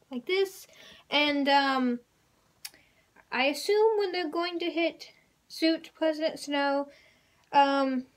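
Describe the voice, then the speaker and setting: A young woman vlogging a casual trailer reaction, rambling and excitable with lots of fillers. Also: sits high.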